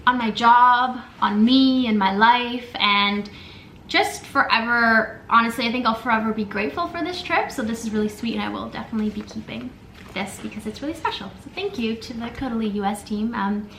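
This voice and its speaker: A young woman lifestyle vlogger chats casually as she unboxes gifts, her fairly high, fairly bright voice moving at a fairly quick clip. She gushes emotionally, fills her speech with fillers, and sounds close to tears. The room is echoey with faint ambience, and there's a little hiss or hum.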